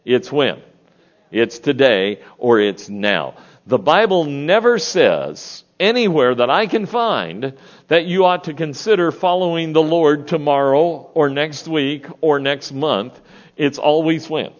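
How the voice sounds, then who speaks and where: A man's voice: on the high side, expressive, slow pace, lo-fi sound. A man in his sixties preaching a sermon in a church, folksy, often asking the congregation questions. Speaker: pastor.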